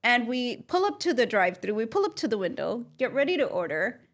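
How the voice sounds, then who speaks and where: High-pitched woman from punjab, excited storyteller, laughs a lot. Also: brisk. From Punjab, India. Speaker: podcast co-host. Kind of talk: storytelling in casual chat.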